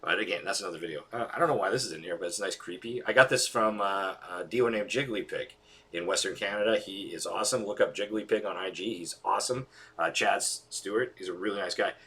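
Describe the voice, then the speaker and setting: Husky, bright-toned enthusiastic male collector. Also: sits low, fast. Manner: enthusiastic, rambling, many fillers. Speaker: collector vlogger. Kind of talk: casual chat.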